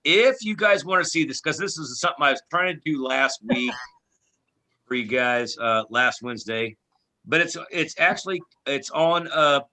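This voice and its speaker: A man's voice: a little high, lively intonation, moderate pace, pushed and bright. A man co-hosting a live show, teasing his co-hosts and rambling about a technical glitch. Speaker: co-host. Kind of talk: casual chat.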